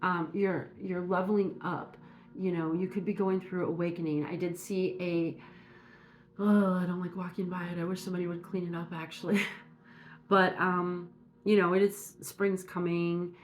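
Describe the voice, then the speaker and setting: A woman from Minnesota giving a casual spiritual message, talking in a meandering, halting way with many fillers. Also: on the low side, level tone. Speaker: spiritual reader.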